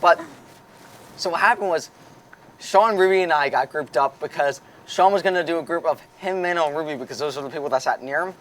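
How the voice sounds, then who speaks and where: A man's voice: a little high, fairly bright tone. A young man chatting as a guest among friends, joking and poking fun at himself as he tells a story. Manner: fast, joking, self-deprecating. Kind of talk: casual chat among friends.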